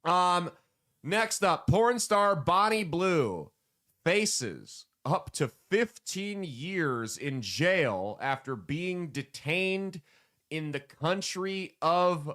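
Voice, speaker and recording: A man hosting a casual comedy podcast, joking loosely and throwing in sudden loud bursts. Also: a little high, expressive, extremely slow. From United States. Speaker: podcast host.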